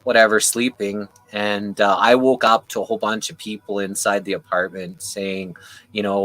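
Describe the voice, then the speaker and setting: A man recounts a personal story in a loose, casual way over a video call. His voice is bright and edgy, and it climbs high when he gets heated. He swears freely and keeps the story rolling. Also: normal speed, low-quality recording. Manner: animated, voice rising with anger, swears casually. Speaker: panel guest.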